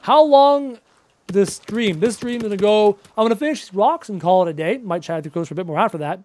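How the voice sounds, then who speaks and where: Fast and lively in intonation, a high-voiced man in his late 20s streams a game, his tone a little mellow. Chatting casually, he answers chat's questions aloud with self-deprecating humor, even as he's losing his voice.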